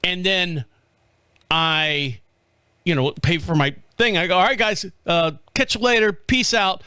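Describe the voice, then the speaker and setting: A man's voice: high voice, a little slow, pushed and bright, clear, resonant tone, no room sound. A man hosting a podcast, telling a story casually, acting out the other people's voices, swearing freely and laughing often. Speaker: podcast host.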